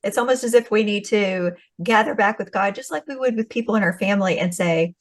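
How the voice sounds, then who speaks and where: A woman's voice: medium pitch, brisk, few pauses. A woman hosts an interview and answers her guest with affirming, reflective remarks. She sums up what he says and carries it forward in her own words. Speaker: podcast host. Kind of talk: interview conversation.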